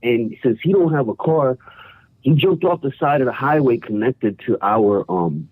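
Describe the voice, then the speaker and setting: A man from New York calling in by phone and telling a story in animated slang, often saying "bro" and "yo". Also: mid-range voice, normal speed, no room sound. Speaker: caller. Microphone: phone call. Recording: tinny phone line.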